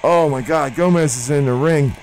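A man doing mock wrestling play-by-play, rambling and excitable with sudden yelps. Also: on the high side, moderate pace, a little hiss or hum, rough recording. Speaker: play-by-play commentator.

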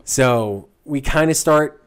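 A man in his thirties casually telling a long, animated anecdote on a podcast, laughing at his own story. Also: on the high side, slow pace, clear, resonant tone. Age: 30s. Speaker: podcast guest.

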